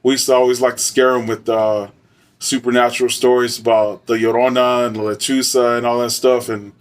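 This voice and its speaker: A man's voice: medium pitch, level tone, a little fast, distant mic. A man from Arizona telling a story in a loose, slangy, profane way with lots of fillers. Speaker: storyteller, former soldier. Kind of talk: casual spoken storytelling.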